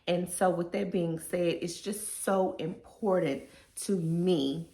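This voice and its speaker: A woman in a heartfelt, casual vlog. Her voice sits a little low, and she sounds emotional and sincere. The recording has a noticeable room echo. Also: slow, dark tone. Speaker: vlogger. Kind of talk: reflective personal vlog.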